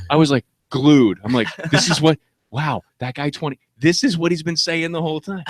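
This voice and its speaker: A man's voice: a little high, animated, fairly quick, dry recording. A man, a comedian co-hosting a podcast, telling a crude story in casual talk, swearing and laughing often. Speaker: podcast co-host.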